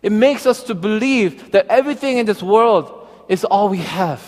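A man's voice: sits high, expressive, moderate pace. A man, a pastor, preaching a sermon in an earnest, personal way, telling his own story and quoting scripture. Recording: long hall reverb.

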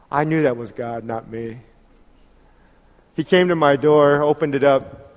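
A man telling a story in a sermon, animated and acting out conversations with laughter. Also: medium pitch, a little slow, pauses often. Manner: animated, acts out dialogue with laughs. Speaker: preacher. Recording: long hall reverb.

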